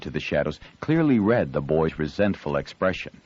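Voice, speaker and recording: A man reading an audiobook in an expressive storytelling manner, shifting his voice for the characters. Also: extremely low pitch, moderate pace, slightly rough, dull audio. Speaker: audiobook narrator. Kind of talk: scripted audiobook narration.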